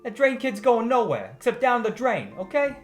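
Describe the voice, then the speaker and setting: A man's voice: extremely high pitch, wildly swooping pitch, moderate pace, over music, voice pushed up, heavily acted. A man voicing a fussy mother with a put-on Italian accent, scolding her son during a tabletop game. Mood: insistent. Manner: exasperated, emphatic and nagging. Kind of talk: tabletop role-play acting.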